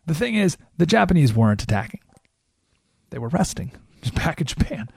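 A male radio host talks through a political monologue as a lively story, throwing in quick rhetorical asides. His voice sits a bit high with a gravelly edge and leaps up and down in pitch. The studio sound is close and dry. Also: dry recording. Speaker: radio talk show host.

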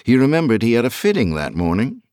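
A man narrating an audiobook in a measured storytelling manner. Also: medium pitch, huge pitch swings, a little mellow, clear, resonant tone, dry recording, studio quality.

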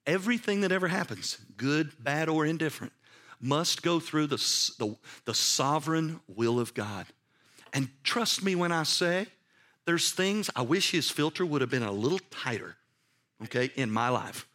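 A man's voice: a little high, lively intonation, normal speed, a bit bright. A man pastor giving a sermon to his congregation, emphatic and repetitive, putting questions straight to his listeners. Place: church service.

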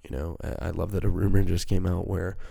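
Male podcaster, very deep gravelly voice, dark tone, loose profane rambling. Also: level tone, fast, no echo. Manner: rambling, profane, self-mocking. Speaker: podcast host. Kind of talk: casual solo podcast chat. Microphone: handheld microphone.

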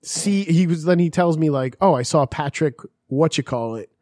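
A man's voice: a little high, lively intonation, moderate pace, dark tone, no room sound, clean studio sound. A man telling a story in casual chat, swearing often and acting out the people he quotes.

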